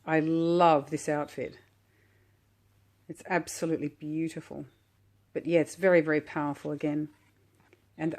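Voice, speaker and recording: A woman calmly unboxing a tarot deck while sitting on her floor, gushing and admiring each card at an unhurried pace. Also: deep voice. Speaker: tarot vlogger. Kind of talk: relaxed unboxing commentary.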